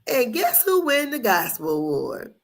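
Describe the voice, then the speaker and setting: This podcast host, a middle-aged Indiana woman, gives casual commentary on her recap show, telling rambling, chatty stories with plenty of laughter. Her voice is a little high and gravelly, unhurried, with wildly swooping pitch.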